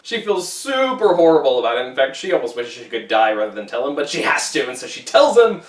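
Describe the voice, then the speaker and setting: A man teaching, walking students through a classic novel as an enthusiastic, animated explainer. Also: mid-range voice, fast, recorded from a distance. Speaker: English teacher. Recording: roomy echo, away from the mic.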